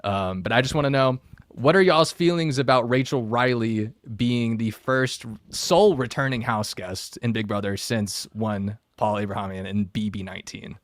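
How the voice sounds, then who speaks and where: A man's voice: medium pitch, normal speed, no echo. A man hosting a casual podcast discussion, recapping a reality show in a chatty way with frequent fillers. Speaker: podcast host.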